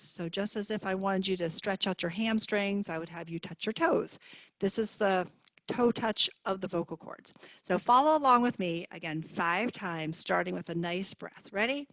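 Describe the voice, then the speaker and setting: A woman speech therapist explains and coaches in a clear, encouraging way. Her voice sits at an ordinary middle pitch. The sound is dry and close, as on a video call. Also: a bit bright, no echo. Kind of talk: online therapy demonstration.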